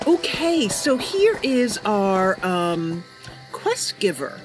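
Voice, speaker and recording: A woman host chats casually over her gameplay livestream, rambling and answering viewers' messages. She speaks slowly with a lively, rising and falling tone. Music plays behind her. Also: medium pitch. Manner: chatty, rambling, full of fillers, reads out chat. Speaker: streamer.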